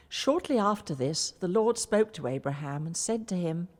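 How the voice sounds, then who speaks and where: A woman's voice: lowish voice, expressive, normal speed, darkish tone. A woman reading a story aloud with expression, narrating between the characters' lines. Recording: long reverb.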